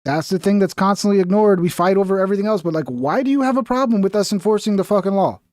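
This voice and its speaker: A man's voice: high voice, animated, fast talker, darkish tone, no room sound, clean studio sound. A man hosting a livestream, talking in a blunt, profane, rambling way. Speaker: livestream host. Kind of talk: casual livestream commentary.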